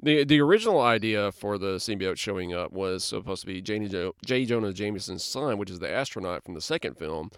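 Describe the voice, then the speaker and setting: A man hosting a podcast in casual chat, lively and chatty, laughing often. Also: on the low side, a little fast, hardly any pauses, clear, resonant tone, no echo, clean studio sound. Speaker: podcast host.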